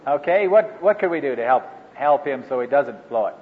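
A man leading a ministry training workshop for a live group, talking in a halting way with many fillers and restarts. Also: mid-range voice, animated. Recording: echoey hall over a phone-like line.

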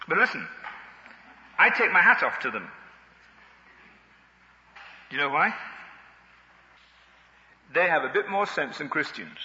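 Male preacher, humorous and animated, in a reverberant hall on a dull recording. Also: on the high side. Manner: humorous, animated, chuckling asides. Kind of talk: sermon.

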